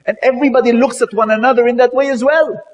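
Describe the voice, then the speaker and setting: A man's voice: very high-pitched, fairly even intonation, fast talker, big-room sound, lo-fi sound, a little hiss or hum. A man telling a story in a sermon, dramatic, with many repeated words and "you know"s.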